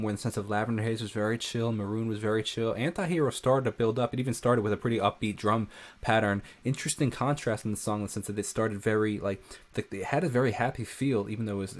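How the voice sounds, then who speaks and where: A young man who is a musician, giving casual reaction commentary on a song and breaking down its production, with many "like" fillers. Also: fairly low pitch. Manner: analytical, with frequent "like" fillers.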